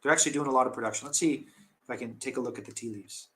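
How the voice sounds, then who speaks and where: A man's voice: mid-range voice, racing, bright, forceful tone. A man hosting a casual tea live stream, chatting in a rambling, self-deprecating way with many restarts.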